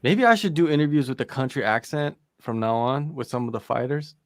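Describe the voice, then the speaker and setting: A man's voice: medium pitch, expressive, a little fast, dry recording, studio quality. A man co-hosting a casual live fight watch-along chat, joking and laughing often. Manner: joking, laughs often, slips into silly accents. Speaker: podcast co-host.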